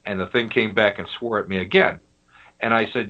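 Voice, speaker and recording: A man, a guest on a paranormal talk show, telling his stories in an animated, emphatic casual chat. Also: on the low side, a little fast, phone-quality sound.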